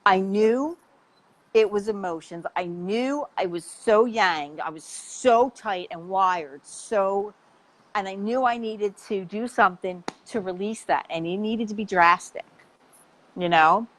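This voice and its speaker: A woman health coach telling an animated, chatty story in casual conversation, with the odd swear word. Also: medium pitch, a little slow, low-quality recording.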